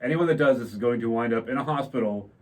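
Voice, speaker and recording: A woman's voice: very deep voice, quick pace. A woman co-hosting a podcast, chatting casually and making dry, wry comments. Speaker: podcast co-host. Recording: somewhat distant mic.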